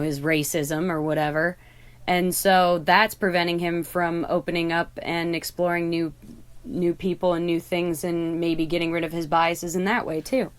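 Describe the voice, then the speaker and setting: A woman guest on a podcast, chatting casually and agreeably. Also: fairly low pitch. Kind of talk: casual fan discussion.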